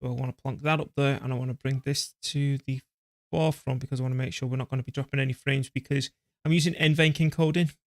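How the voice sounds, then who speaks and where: A man streams a strategy game live, chatting casually, mocking himself, and talking back to his PC and the game. His mid-range voice is steady and fast, captured in a dry, clean studio recording.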